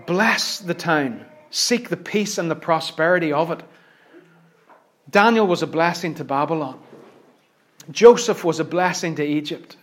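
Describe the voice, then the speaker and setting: Northern Irish male preacher, higher-pitched voice, emphatic and repetitive sermon delivery. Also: normal speed. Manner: emphatic, with repeated phrases and swings from hushed asides to loud stresses.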